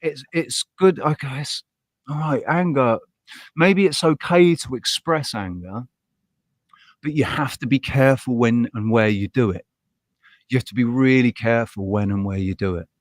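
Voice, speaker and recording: A man's voice: medium pitch, moderate pace, dry recording. A man hosting a livestream, talking casually in a rambling, passionate way, his voice rising when he gets heated. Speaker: live show host.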